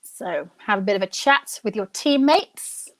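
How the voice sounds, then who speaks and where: A young woman hosting a live online quiz, chatting and thinking out loud, reading each question slowly and then repeating it. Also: mid-range voice, expressive. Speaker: quiz host.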